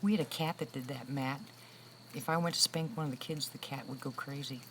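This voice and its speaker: Woman, 60s, low voice, livestream host, chatty storyteller, faint background noise. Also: fairly even intonation, brisk, fairly bright tone, low-quality recording. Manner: chatty, storytelling, laughs often. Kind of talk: casual chat with viewers. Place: room with a loud air conditioner.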